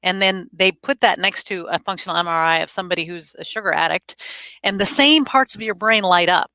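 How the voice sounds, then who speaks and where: A middle-aged woman with a bright, forceful voice, recorded dry and close. She speaks earnestly and reflectively as a guest co-host. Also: fairly low pitch, brisk, smooth, no room sound, poor audio. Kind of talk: casual conversation.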